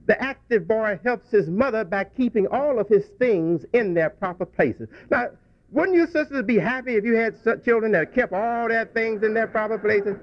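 A man's voice: high voice, normal speed, no echo. A man speaking to a congregation, telling a childhood story in a folksy way with frequent restarts. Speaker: religious speaker. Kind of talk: reflective talk to a congregation. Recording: dull dry lo-fi recording.

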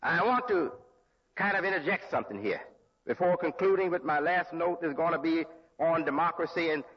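A man with a husky, fairly high voice preaches a sermon, slow and deliberate. The recording is lo-fi and dull, with a long reverb tail from a large hall. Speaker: religious leader.

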